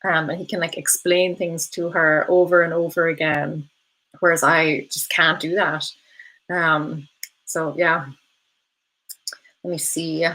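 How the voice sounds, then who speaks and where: A woman's voice: low-pitched, flat delivery, slow, pauses often, bright, forceful tone, poor audio. A woman hosting a casual live stream, chatting with viewers, often saying um and laughing between thoughts. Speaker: host of a live stream, reading viewer comments.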